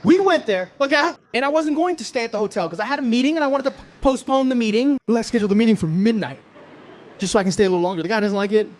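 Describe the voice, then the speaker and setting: A man from Brazil doing stand-up, telling a story in an animated way, exclaiming and swearing. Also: very high-pitched, very fast. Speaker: stand-up comedian.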